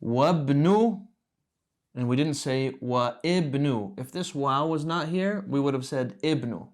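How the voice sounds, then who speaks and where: A man gives a language lesson at a whiteboard, patient and steady. He slows down to spell out each word and repeats phrases so students can follow. His voice sits at an ordinary middle pitch for a man. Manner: patient, explains slowly and repeats words. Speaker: Arabic teacher.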